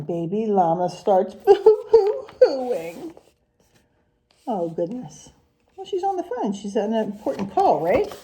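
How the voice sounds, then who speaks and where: Woman, preschool teacher; gentle, slow, mellow read-aloud voice with a sing-song storybook lilt. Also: medium pitch, very animated, slight background noise. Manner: gentle, asks the children simple questions. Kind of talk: reading a picture book aloud to young children.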